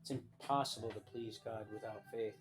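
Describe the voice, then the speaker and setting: A man's voice: fairly low pitch, steady tone, normal speed, music in the background. A man telling his own life story on a livestream in a casual, rambling way, often restarting sentences and reading a document aloud.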